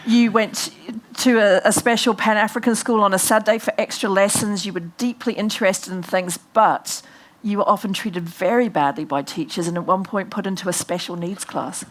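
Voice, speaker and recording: A woman interviewing an author at a literary festival, leading into topics with measured questions. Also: medium pitch, steady tone, poor audio.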